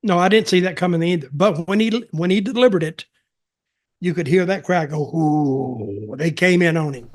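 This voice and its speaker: Older guy rambling on a podcast, kinda high voice, repeats himself a lot. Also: a little fast. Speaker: podcast host, wrestling veteran. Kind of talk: casual storytelling chat.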